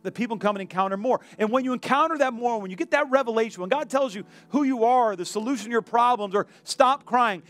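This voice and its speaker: A male pastor preaching a sermon in a church, animated, acting out the voices of the people in his story. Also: extremely high pitch, quick pace, hardly any pauses. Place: church sanctuary.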